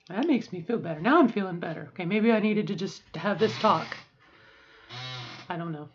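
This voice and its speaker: A woman's voice: medium pitch, moderate pace, husky. A middle-aged woman rambles through a candid video diary, open and emotional, with the odd curse word. The sound is dull and lo-fi. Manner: rambling, emotional and frank, with swearing. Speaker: vlogger.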